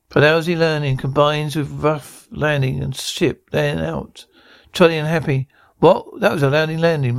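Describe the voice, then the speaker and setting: A man reads a radio play script aloud, speaker names and stage directions included, stumbling and restarting often. His voice is gravelly and a touch high, very slow, and heard close and dry. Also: no room sound. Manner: halting, stumbling reading. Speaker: reader.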